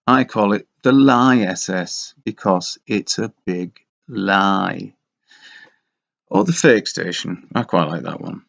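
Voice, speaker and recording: In a slow, meandering monologue, a man muses wryly and pokes fun at himself. His low, gravelly voice with fry is a bit bright and has lively intonation, and it's captured on a dull lo-fi recording.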